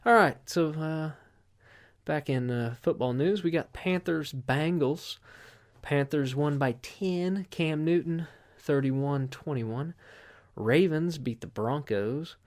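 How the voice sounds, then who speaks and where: Rambling, profane podcast host. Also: male voice, fairly high pitch, slow. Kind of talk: casual podcast chat.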